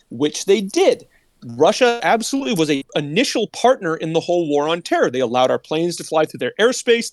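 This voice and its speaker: A man with a notably high-pitched voice talks through political commentary in a loose, rambling way. He keeps restarting his sentences and breaking into quoted asides. The recording is dry and close, with no room sound. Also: dry recording.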